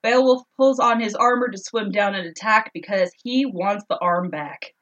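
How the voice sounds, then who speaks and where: A woman's voice: mid-range voice, moderate pace, few pauses, fairly bright tone, poor audio. A woman co-hosting a casual podcast, retelling an old story in a chatty, joking way. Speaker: podcast co-host.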